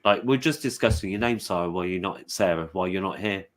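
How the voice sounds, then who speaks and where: A man's voice: on the low side, fast. A man with an English accent chatting casually on a video call, teasing and laughing often. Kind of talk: casual livestream chat.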